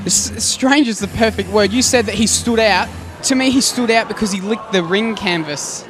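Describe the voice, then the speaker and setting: A man's voice: sits high, normal speed, over music. A man co-hosting, making crude, teasing jokes in casual banter. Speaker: co-host. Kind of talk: joking post-show banter.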